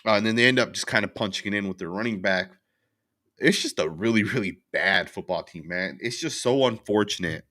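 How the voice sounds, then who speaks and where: A man's voice: fairly low pitch, fairly quick, pushed and bright. A young man hosting a casual post-game recap, rambling with fillers and restarts as he vents his frustration and answers chat comments. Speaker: sports channel host.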